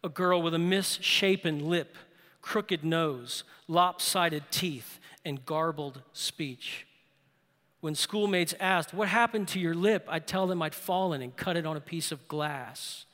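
High bright-voiced male preacher in a hall. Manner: storytelling, drops low and slow for emphasis, rises loud when exhorting. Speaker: pastor. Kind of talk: sermon.

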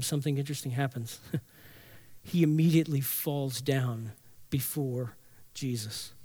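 A man's voice: medium pitch, darkish tone. A man preaching a sermon as pastor, earnest and emphatic, building points through repeated phrases.

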